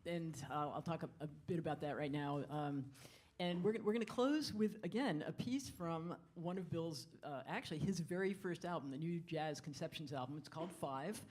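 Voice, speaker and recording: A woman leading a jazz band, talking from a concert hall stage into a stage mic, friendly and halting with many fillers. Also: low voice, a little mellow. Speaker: jazz bandleader.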